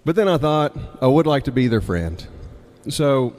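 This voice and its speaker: A man's voice: medium pitch, expressive, normal speed, darkish tone. Southern man telling stories in a hall. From Mississippi, United States. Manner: conversational, laughs between lines, acts out quoted voices. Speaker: storyteller. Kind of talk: live storytelling. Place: storytelling night, hall with long reverb. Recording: reverberant hall.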